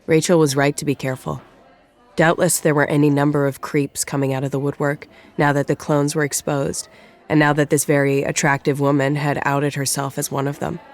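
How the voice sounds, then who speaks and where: An audiobook narrator with a mid-range voice reads a novel in a measured storytelling manner. It is scripted narration.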